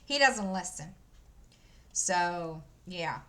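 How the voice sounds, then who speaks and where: A woman's voice: lowish voice, expressive, extremely slow, a bit bright. A woman, chatting casually to viewers while she works on a craft, rambling with lots of fillers and restarts. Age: 50s. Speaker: crafting channel host. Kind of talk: casual chat while stitching. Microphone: desk microphone.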